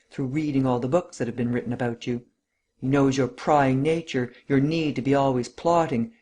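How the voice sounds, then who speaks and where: A man's voice: medium pitch, darkish tone, lightly acted. A man voicing a vengeful, scheming middle-aged widow in an audiobook, mocking and gloating and stressing each word. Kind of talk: audiobook character reading.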